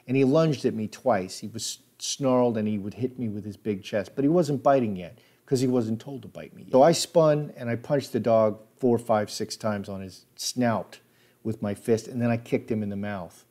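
A man's voice: on the low side, moderate pace, dark tone. A man recounting his own life story in a casual, spoken way with plenty of filler words. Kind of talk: casual spoken memoir narration.

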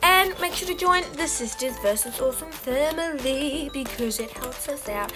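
Young woman, co-host, high lively voice, rambly and bubbly vlog chat, music bed underneath. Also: moderate pace. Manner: bubbly, rambling, frequent fillers. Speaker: channel co-host. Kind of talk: casual gaming vlog chat. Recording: music playing behind.

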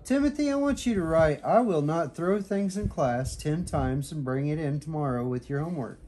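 A man's voice: on the high side, moderate pace, dark tone, a little hiss or hum, natural voice. A man voicing a stern woman schoolteacher in a children's storybook, with a scolding delivery.

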